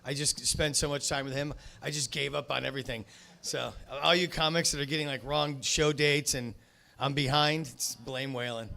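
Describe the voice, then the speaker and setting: A man's voice: mid-range voice, fairly even intonation, normal speed, gravelly, sharp tone. A man emceeing a comedy show from the stage, with loose, profane banter between acts.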